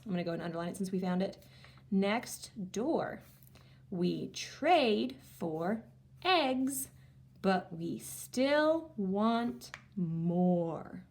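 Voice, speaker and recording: A woman teacher reads aloud to young children, stretching words out as she sounds them. Her pitch swings widely as she plays up her excitement, and her delivery is unhurried. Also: vocal fry. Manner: animated, exaggerated excitement with gasps and slow sounding-out. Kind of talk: reading lesson for young children.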